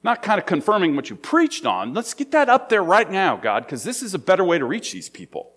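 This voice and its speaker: A man's voice: high-pitched, huge pitch swings, fairly quick, fairly bright tone, slightly rough. A man preaching a sermon in a conversational, storytelling way. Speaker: pastor.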